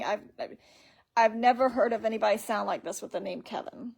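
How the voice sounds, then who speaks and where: Woman chatting on her phone live stream, kinda high voice, rambles and reads comments out loud. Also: a little fast, vocal fry, slightly rough. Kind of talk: casual live stream chat.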